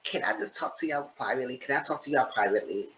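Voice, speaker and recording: A man voicing a timid, soft-spoken person who mumbles a rushed confession in a quiet, lower voice. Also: animated, poor audio. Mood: hushed.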